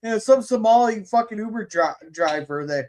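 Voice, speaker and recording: A man's voice: sits high, expressive, normal speed, a little mellow. Indignant swearing podcast host, a man. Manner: indignant, swearing, stammering restarts. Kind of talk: heated casual political chat.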